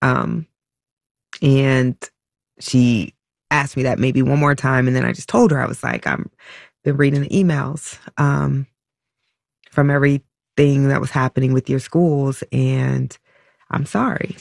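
Gravelly woman telling a painful story. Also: rumbling low, steady tone, no echo, studio quality. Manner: halting and emotional, full of "like" and restarts. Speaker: interview guest, mother. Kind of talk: personal storytelling in an interview.

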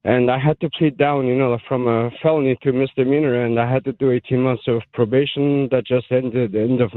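A man calling in to a radio show, emotional and halting, with many fillers and restarts. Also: medium pitch, steady tone, no room sound. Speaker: caller. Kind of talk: call-in radio caller telling a personal story. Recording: tinny phone line.

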